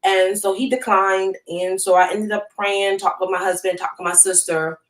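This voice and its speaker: A woman's voice: mid-range voice, steady tone, normal speed. A woman in her thirties, a business owner and guest, telling her personal testimony in a casual way with many fillers. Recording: echoey room.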